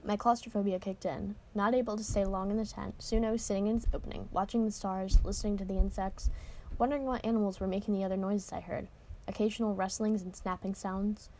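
Casual woman reader, mid-pitched, breaks off for offhand asides, informal novel read-aloud. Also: fairly even intonation, quick pace, warm tone, a little hiss or hum. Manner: casual asides, occasional cursing and restarts.

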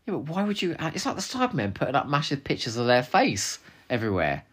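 A man's voice: mid-range voice, huge pitch swings, fast, fairly bright tone, slightly rough. A man co-hosting a podcast, chatting casually and animatedly, laughing often with playful asides. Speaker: podcast co-host.

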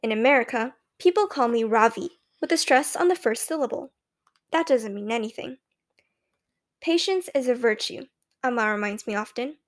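A woman reading a children's audiobook aloud, narrating in first person as a young boy in a clear, measured way. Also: a little high.

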